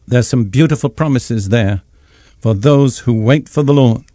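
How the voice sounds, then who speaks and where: Slow, measured male preacher. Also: medium pitch, warm tone, no room sound, studio quality. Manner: slow, measured scripture reading. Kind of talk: radio sermon teaching.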